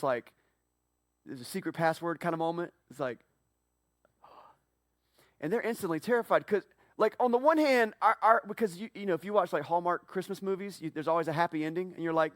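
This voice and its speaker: A man preaching a sermon as pastor, telling the story with animated swings from hushed to loud. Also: high-pitched, no echo, clean studio sound.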